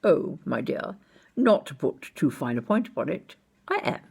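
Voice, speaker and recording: A woman's voice: low voice, very animated, normal speed, gravelly, darkish tone, slightly rough, full character voice. A woman voicing a tall, posh male royal security officer who speaks genteelly and calls people "my dear". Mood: polite. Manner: genteel, courteous, fond of "my dear".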